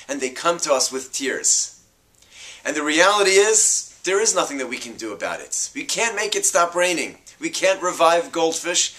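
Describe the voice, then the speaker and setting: A man, a rabbi, giving an earnest, measured scripted talk on parenting. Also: mid-range voice, sharp tone.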